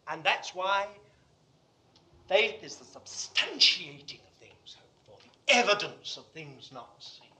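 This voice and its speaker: A man whose voice sits high preaches fervently to a congregation in a room, moving from hushed asides to loud declarations.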